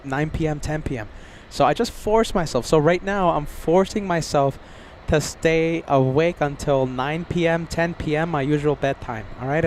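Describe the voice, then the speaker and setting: A man with a fairly high voice hosts a live plane spotting stream outdoors near an airport, chatting casually with viewers by name. He sounds sleepy and jet-lagged, and there's slight background noise.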